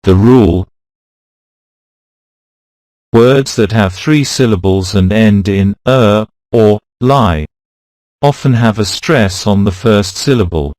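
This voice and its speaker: Male narrator for a pronunciation lesson, scripted and deliberate, unhurried delivery, dead-dry close mic. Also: lowish voice, a little mellow, no room sound. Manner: slow, deliberate, reads words out one by one. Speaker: pronunciation teacher.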